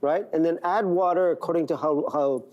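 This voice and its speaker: A man's voice: on the high side, brisk, muffled recording. A man from Korea, a guest chef on a TV talk show, walking hosts through recipes step by step with frequent "right?" checks. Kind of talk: cooking demonstration. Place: TV studio kitchen.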